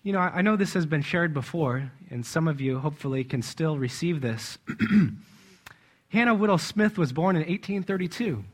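Speaking at normal speed, this church speaker preaches in a chatty, conversational way. His voice sits on the high side and sounds animated, and he stresses words emphatically and chuckles often.

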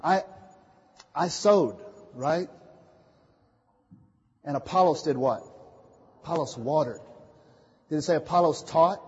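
A man preaching a sermon, calling out questions for the congregation to answer and swinging from quiet asides to loud declarations. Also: fairly high pitch, expressive, slow pace, long pauses, slightly rough. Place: church meeting hall. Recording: muffled, echoey hall recording.

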